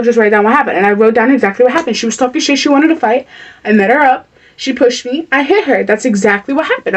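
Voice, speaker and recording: A woman's voice: on the high side, far from the mic. A young woman vlogger telling a storytime, blunt, heated and profane as she talks. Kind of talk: storytime vlog.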